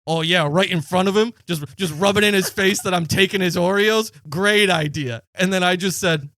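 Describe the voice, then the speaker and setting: A man's voice: high voice, normal speed, a bit bright, no room sound, clean studio sound. A man in his late twenties, a podcast co-host, telling a story in casual chat and acting out the quotes with plenty of swearing.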